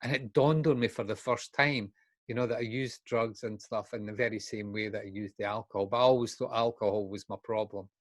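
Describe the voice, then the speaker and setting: His voice is on the low side, with fairly even intonation and a slightly fast delivery. An older Scottish guest speaker in recovery, he recounts his life candidly and takes on the voices of those he recalls, recorded dry and close.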